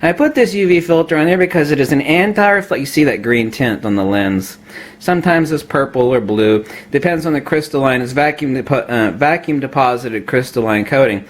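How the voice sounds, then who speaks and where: A man's voice: fairly high pitch, animated, normal speed. A man ranting about camera gear to the camera, lecturing emphatically, laughing at his own jokes and putting on a mock Australian accent. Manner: puts on a mock Australian accent, says mate a lot. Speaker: photography vlogger. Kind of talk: opinionated gear rant to camera.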